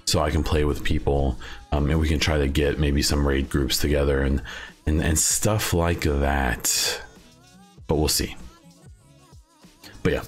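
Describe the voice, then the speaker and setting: A young man with an extremely deep, low voice hosts a solo gaming podcast. He talks in a loose, rambling way, full of "uh"s and false starts. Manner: casual, rambling, many fillers and restarts. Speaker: podcast host.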